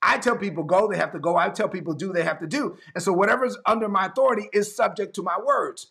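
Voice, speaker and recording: A man voicing a Roman army officer who earnestly reasons his case, talking quick and respectful. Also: high-pitched, vocal fry, fairly bright tone.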